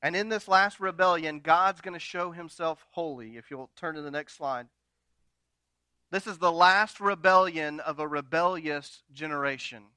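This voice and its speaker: A man preaching a sermon from slides. He swings between loud, dramatic retellings and quiet, intimate asides to the congregation. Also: high-pitched, no room sound. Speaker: pastor.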